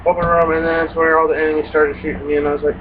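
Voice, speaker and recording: Animated young man, tinny recording. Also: fairly high pitch, racing. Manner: profane, animated retelling with quoted reactions. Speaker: gaming vlogger. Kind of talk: casual rambling story. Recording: tinny phone-like recording with faint hiss.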